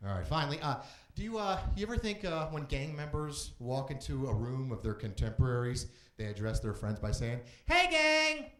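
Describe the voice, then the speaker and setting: A man's voice: medium pitch, fairly quick, hardly any pauses, darkish tone, echoey room. A man closing his stand-up set on a comedy club stage, drawing out his punchlines.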